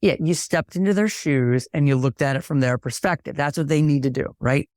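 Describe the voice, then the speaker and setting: A man, a podcast guest, telling a story in casual conversation and acting out the dialogue with lively energy. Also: fairly high pitch, fairly quick, no room sound, clean studio sound.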